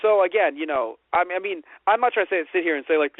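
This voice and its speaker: A man's voice: high-pitched, fast talker, hardly any pauses, dry recording. Guy cohosting a podcast, swears a lot, dry thin lo-fi sound like over a phone. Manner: animated, rambling, swears freely. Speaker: podcast co-host. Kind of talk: casual chat. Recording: phone-like lo-fi audio.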